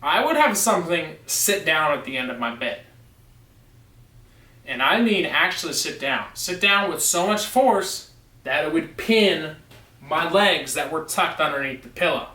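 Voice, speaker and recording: Bright-voiced man telling a story in an echoey room. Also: fairly high pitch, expressive, unhurried, recorded from a distance. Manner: emphatic, insistent storytelling. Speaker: vlogger. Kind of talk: storytelling vlog. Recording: echoey room, away from mic.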